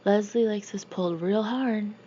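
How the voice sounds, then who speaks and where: A woman's voice: medium pitch, normal speed, dark tone, lightly acted. A woman voicing a wheedling talking pigtail. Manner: wheedling, coaxing. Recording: dull muffled home recording with faint hiss.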